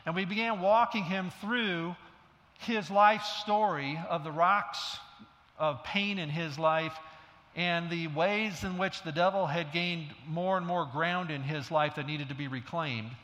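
A middle-aged male pastor delivers a sermon in a bright, forceful voice that sits a little high for a man. He tells stories conversationally, with self-deprecating asides. His words ring with long reverb through a large hall. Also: measured pace.

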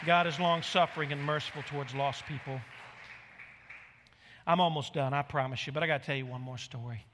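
A middle-aged pastor preaching with animated, emphatic storytelling. His voice is high and bright. It carries a long reverb from a large hall. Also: fairly quick, a faint crowd, a little hiss or hum. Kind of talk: sermon storytelling.

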